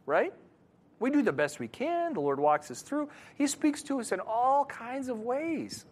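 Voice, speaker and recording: A man preaching a sermon to his congregation, moving between quiet scripture reading and loud, animated emphasis. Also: very high-pitched, measured pace. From Wisconsin, USA. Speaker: pastor.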